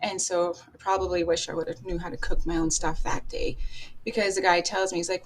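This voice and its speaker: A woman's voice: fairly low pitch, flat delivery, a little fast, slight background noise. Woman, podcast guest; candid, profane storyteller who acts out past dialogue and laughs at herself. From Canada. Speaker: podcast guest telling her life story.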